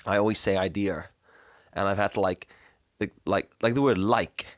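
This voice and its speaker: A man's voice: on the low side, fairly even intonation, a little fast, dry recording, clean studio sound. A young man from South Africa whose accent mixes South African and Northern Irish sounds, telling stories in casual chat as a podcast co-host. He swears freely and mimics voices as he goes. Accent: South African with Northern Irish influence.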